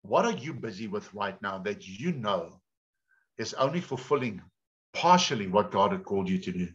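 A man's voice: fairly low pitch, big pitch swings, normal speed. A male pastor preaching a sermon, telling stories in a chatty way and often repeating words. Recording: dull lo-fi sound.

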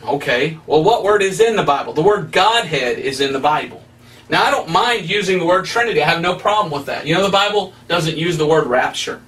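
Male evangelist, fairly high voice, emphatic preacherly delivery, mic a little far off. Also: lively intonation, brisk, a bit bright. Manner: emphatic, preacherly, with rising stresses. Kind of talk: preaching Bible study.

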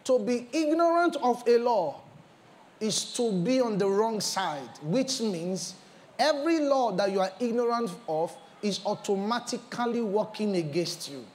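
High-voiced Nigerian pastor preaching. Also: male voice, measured pace, a little hiss or hum. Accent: Nigerian English. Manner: animated storytelling with repetitions, mixing in pidgin. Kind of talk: sermon. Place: church.

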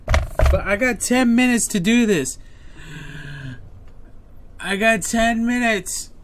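A man giving profane live commentary on his own gameplay, excitable and muttering to himself between bursts. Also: extremely high pitch, slow pace, noisy background. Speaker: gameplay streamer.

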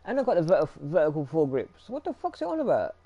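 A man's voice: on the high side, wildly swooping pitch, racing, no echo, lo-fi sound. A British man chatting casually while gaming, swearing freely and rambling as he repeats himself. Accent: British English. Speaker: gaming streamer.

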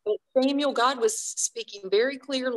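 A woman guest author telling a personal faith story in an interview, earnest and quick to laugh. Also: sits high, rough recording.

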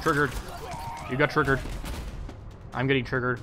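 A man streaming a game and commenting live in a chatty, self-mocking way with excitable outbursts. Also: medium pitch, moderate pace. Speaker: gamer streaming his play. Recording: stream mic with game music behind.

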